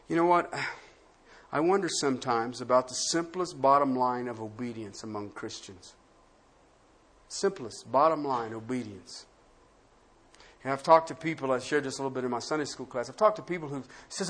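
A man pastor preaching a sermon, swinging from hushed, quiet lines to loud, acted-out quotes. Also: medium pitch, normal speed, long pauses.

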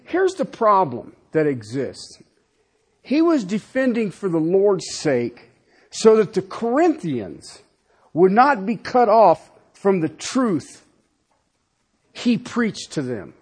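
A male pastor preaching with a high, husky voice that swings widely in pitch. He talks slowly and emphatically, firing off rhetorical questions and checking in with "Okay?" as he teaches. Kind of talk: sermon.

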